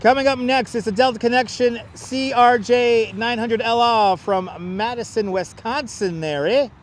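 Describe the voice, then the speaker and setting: Calling out arriving flights on his outdoor planespotting livestream, this man speaks in an extremely high voice with fairly even intonation and a moderate pace. He's chatty and joking, recorded near an airport on a wireless clip-on mic with a little hiss or hum.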